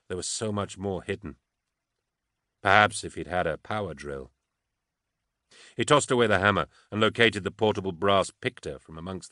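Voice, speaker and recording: Deep-voiced male audiobook narrator. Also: pushed and bright, dry recording, studio quality. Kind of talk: scripted fiction narration.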